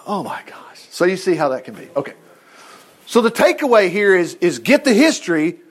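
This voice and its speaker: A middle-aged man teaching from the Bible in a folksy, rambling way, full of asides and exclamations. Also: sits high. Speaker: preacher.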